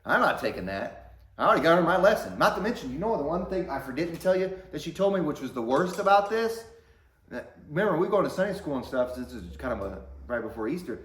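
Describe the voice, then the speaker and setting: A man in his forties, a vlogger telling a story in a casual, animated way, often rising loud and high in excitement, talking from his workshop. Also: fast talker. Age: 40s. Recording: echoey workshop room.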